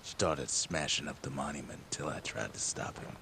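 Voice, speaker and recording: A very deep drawling old game narrator. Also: male voice, normal speed, vocal fry, very noisy. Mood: laconic. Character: weathered old male frontier narrator, laconic. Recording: game audio under music. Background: game music.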